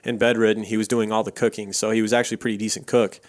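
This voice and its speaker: A man's voice: lowish voice, level tone, rapid-fire. A man co-hosting a casual true crime podcast, retelling an outlaw's life in a loose, joking way with plenty of fillers and swearing. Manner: laid-back storytelling, swears casually, many fillers. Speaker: podcast co-host.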